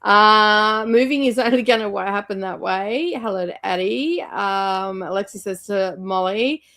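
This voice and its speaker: A woman's voice: medium pitch, measured pace, a bit bright. A young woman hosting a casual book club livestream, chatty and rambling as she reads out viewer comments with lots of ums and laughs.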